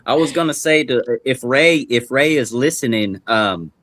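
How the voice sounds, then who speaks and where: A man's voice: mid-range voice, animated, normal speed, a bit bright, dry recording. A young man talking loosely and at length as a guest on a podcast, full of slang, restarts and laughter. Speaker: guest musician. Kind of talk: casual podcast chat.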